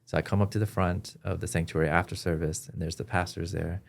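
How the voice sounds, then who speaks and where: A man as a podcast guest, telling his personal story in an earnest, halting way with frequent restarts. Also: low-pitched, level tone, gravelly. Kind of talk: personal testimony in an interview.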